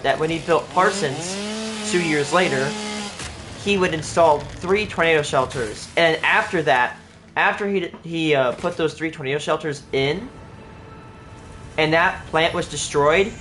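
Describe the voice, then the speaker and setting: Fairly high in pitch and fairly bright in tone, a man chats casually during a livestreamed game, rambling with frequent "like" and restarted sentences. Background music is clearly present.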